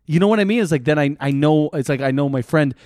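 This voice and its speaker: Fast-talking animated man, podcast co-host. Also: fairly high pitch, no room sound, clean studio sound. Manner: animated storyteller, acts out friends' lines, swears and laughs. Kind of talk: casual chat.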